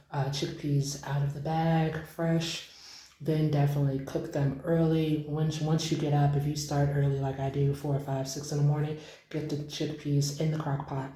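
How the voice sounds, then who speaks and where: Young woman vlogging in her kitchen, low voice, gets all excited, roomy echo. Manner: chatty and excitable, addresses viewers as y'all. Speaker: home cooking vlogger. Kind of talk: casual cooking vlog. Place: home kitchen, indoors.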